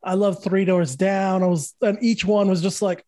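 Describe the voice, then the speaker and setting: A man's voice: high voice, fairly even intonation, normal speed, hardly any pauses, darkish tone, no room sound. A man in his thirties, a podcast host and guitar teacher, telling stories in casual conversation, swearing freely and acting out the voices of the people he quotes.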